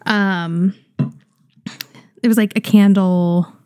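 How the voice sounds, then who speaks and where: A woman's voice: mid-range voice, fairly even intonation, takes it slowly, warm tone, smooth, dry recording, studio quality. A woman co-hosting a podcast, talking casually with lots of fillers. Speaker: podcast co-host. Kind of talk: casual chat.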